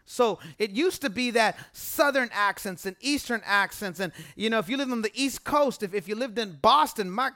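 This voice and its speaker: A man's voice: sits high, moderate pace, hardly any pauses, bright, forceful tone, dry recording. Male pastor preaching, chatty but emphatic, repeats himself for effect, dry close sound. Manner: emphatic and conversational, repeats phrases, asks the congregation for responses. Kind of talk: sermon. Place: church service.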